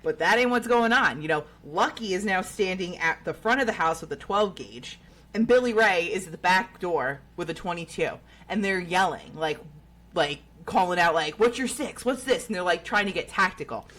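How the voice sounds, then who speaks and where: A woman, co-hosting a podcast and retelling a story in a casual, profane, animated way. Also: lowish voice, normal speed. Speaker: podcast co-host.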